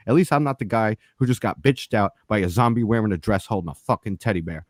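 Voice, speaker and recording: A man's voice: mid-range voice, fast talker, dry recording, clean studio sound. A man telling a story in casual podcast chat. He swears constantly and acts out the other people's lines. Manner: profane and animated, acts out the voices of others.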